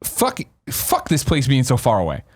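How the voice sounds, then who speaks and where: A man hosting a podcast, telling a story in a casual, animated way, swearing freely and acting out voices. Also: mid-range voice, normal speed. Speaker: podcast host.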